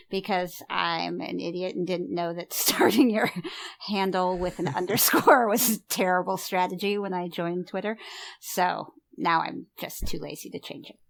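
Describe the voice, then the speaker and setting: A woman's voice: mid-range voice, vocal fry. A woman writer guesting on a podcast, chatting casually and laughing at herself. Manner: self-deprecating, laughs while talking. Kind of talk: casual chat.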